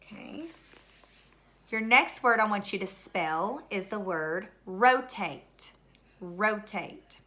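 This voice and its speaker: A woman's bright, forceful, expressive voice of medium pitch carries through a recorded third grade word study lesson. She goes slowly and patiently, deliberately saying each word again for spelling.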